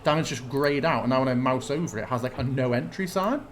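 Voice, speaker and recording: A man's voice: mid-range voice, quick pace, slight background noise. Man running a tabletop game. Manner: thinks aloud while checking rules. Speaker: game master.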